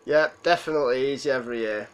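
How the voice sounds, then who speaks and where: A man's voice: mid-range voice, fast talker, clear, resonant tone, rough recording. Tearful man chatting on a livestream. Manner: rambling, chatting to viewers' comments. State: close to tears. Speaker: livestream host. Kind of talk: emotional live stream chat.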